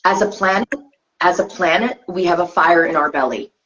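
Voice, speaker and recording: A woman's voice: on the low side, moderate pace, a bit bright. A woman co-hosting a spiritual tarot chat, talking earnestly in repeated coaching phrases over a video call. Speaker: co-host of tarot reading show. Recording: slightly dull lo-fi sound.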